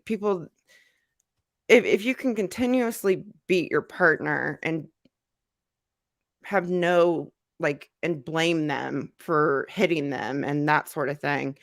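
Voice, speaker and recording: This woman, congested from a cold, reads viewers' chat on a relaxed livestream, rambling with repetition and many filler words. She talks unhurriedly in a low, gravelly voice, recorded in a studio with no room sound.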